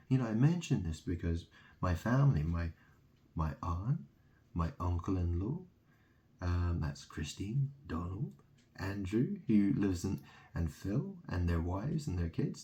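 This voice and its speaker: A man's voice: sits low, expressive, measured pace, pauses often, mellow. A man from England delivering a rambling solo monologue, ranting and mocking, swearing freely.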